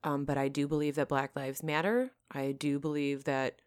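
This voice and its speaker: A blunt, candid woman co-hosting a podcast in casual chat. Her voice is very low for a woman. The recording is dry and close, with no room echo. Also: flat delivery, moderate pace. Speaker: podcast co-host.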